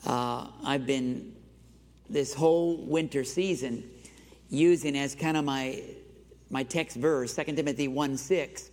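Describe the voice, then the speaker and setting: A man's voice: mid-range voice, fairly even intonation, takes it slowly, darkish tone. A male pastor preaching a sermon in a church sanctuary, exhorting the congregation and having them repeat phrases after him. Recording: long reverb of a large church hall.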